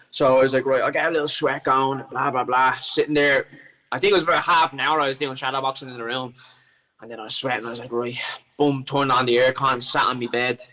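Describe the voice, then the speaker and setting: Irish male podcast guest, animated and sweary storyteller, bright tone. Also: mid-range voice, poor audio. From Ireland. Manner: animated, sweary, lots of restarts. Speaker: guest fighter. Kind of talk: casual storytelling chat.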